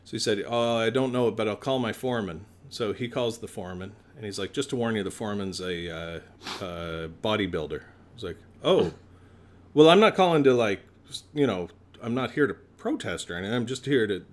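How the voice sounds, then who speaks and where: A man's voice: on the low side, fairly quick. A man on a podcast telling a long story in a casual way, swearing often and acting out the people in it. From Canada. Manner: swears a lot, acts out both sides of a phone call. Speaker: podcast co-host.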